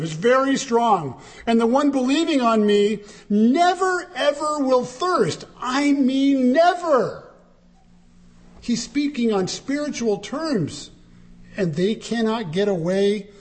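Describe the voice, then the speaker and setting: A preacher delivers a sermon with emphatic, dramatic, animated energy. His voice sits high for a man and swings widely in pitch, jumping sharply whenever he quotes, moving between soaring lines and low, quieter phrases.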